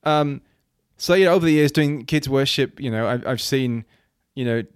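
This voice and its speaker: A Welsh man who leads a children's ministry appears as a guest in a casual interview, speaking earnestly and rambling with many restarts and fillers. His voice is mid-range and resonant, clear at a normal speed, in a dry, studio-quality recording.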